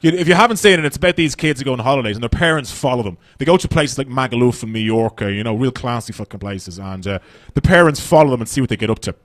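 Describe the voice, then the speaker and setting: Dublin man, rapid-fire stand-up delivery, swears freely, dry close-miked sound. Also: medium pitch, expressive, no echo. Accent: Dublin Irish. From Dublin, Ireland. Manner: profane, blunt, rapid-fire. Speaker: stand-up comedian. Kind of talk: stand-up comedy set. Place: comedy stage.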